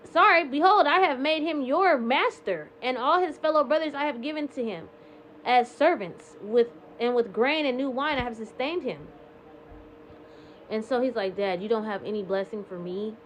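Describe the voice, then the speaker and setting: A woman's voice: on the high side, moderate pace, slight background noise. A woman casually retelling scripture passages in her own words, with lots of "like" and "um", slipping between quoting and paraphrasing. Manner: chatty paraphrase with frequent "like" and "um". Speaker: Bible reading vlogger.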